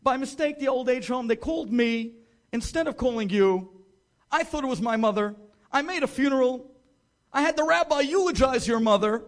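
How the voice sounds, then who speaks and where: A frantic grown son, as a man storyteller puts him on, blurting everything out in a high, pressed voice. He speaks in urgent bursts and exclamations. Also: normal speed. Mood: apologetic.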